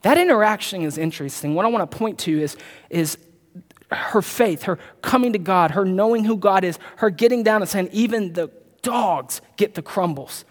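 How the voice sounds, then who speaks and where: A man preaching a sermon, emphatic, repeating his key points and slowing down to read scripture aloud. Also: high voice. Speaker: pastor. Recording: long hall reverb.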